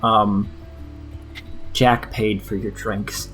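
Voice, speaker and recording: A man's voice: fairly low pitch, level tone, extremely slow, fairly bright tone, soft background music. A man running a tabletop role-playing game, narrating casually with plenty of ums. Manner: casual, with many fillers. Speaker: game master.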